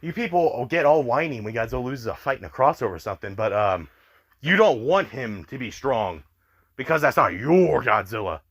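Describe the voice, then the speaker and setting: Brisk and animated, this young man's medium-pitched voice is fairly bright with a slightly rough edge. He's an exasperated commentary YouTuber who swears a lot and uses "like" as a constant filler.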